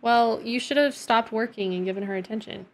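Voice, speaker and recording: A young woman with a slightly high voice chats her way through a gaming stream. She keeps up a loose, expressive running talk, scolding her characters and musing to her viewers between moments of play. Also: fairly quick, a little hiss or hum. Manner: chatty and expressive, talks to her game characters. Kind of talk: casual gameplay chat.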